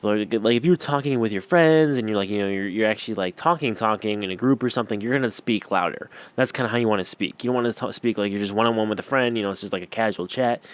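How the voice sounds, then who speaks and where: Low-voiced young man giving casual tips. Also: fast talker, few pauses. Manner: rambling, filler-heavy, slangy. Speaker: YouTube coach. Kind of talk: casual on-camera lesson. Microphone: camera-facing.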